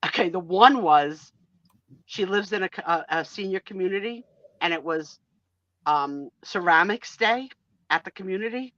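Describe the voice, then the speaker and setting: A woman in her sixties hosting a casual live-stream chat, talkative and quick to laugh. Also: on the low side, no room sound, muffled recording. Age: 60s. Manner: chatty and animated, laughs easily. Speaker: host.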